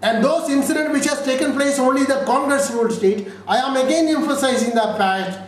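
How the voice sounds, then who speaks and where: A man's voice: very high-pitched, fairly quick. A man from India, a lawyer giving an interview, speaking emphatically with repeated lists and rhetorical questions. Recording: echoey room from far off, faint noise.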